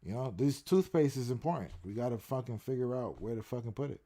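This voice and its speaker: This fast-talking man has a mid-range voice with a dark tone and lively intonation. He's streaming, ranting casually with profane, repetitive reactions.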